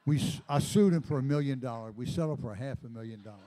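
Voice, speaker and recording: A man in his eighties hosting a live comedy night, telling meandering deadpan stories with lots of asides. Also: medium pitch, quick pace. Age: 80s. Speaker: comedy host. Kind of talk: rambling stand-up storytelling.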